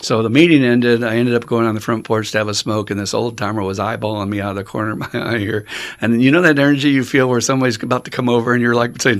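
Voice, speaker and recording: A man's voice: medium pitch, little pitch movement, fast. A man telling his own story to a recovery meeting, blunt, profane and self-mocking. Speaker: speaker sharing at a recovery meeting. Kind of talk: candid storytelling talk.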